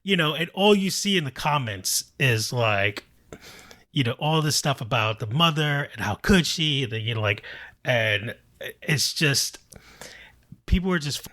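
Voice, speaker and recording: A man co-hosting a casual podcast chat, telling a story in a relaxed, loose way. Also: mid-range voice, a little slow. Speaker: podcast co-host.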